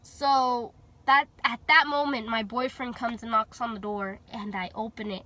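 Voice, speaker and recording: A young Houston, Texas woman vlogs a personal story in a chatty, casual way, packed with fillers and acted-out quotes. Her voice is a little high and fairly bright, lively in tone, with a measured pace.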